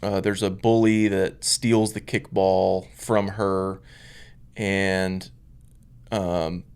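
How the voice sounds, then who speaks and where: A man's voice: deep voice, flat delivery, drawn-out words, vocal fry, darkish tone, clean tone. A man, a minister co-hosting a podcast, telling stories emphatically in casual chat. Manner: storytelling, emphatic, acts out quoted voices.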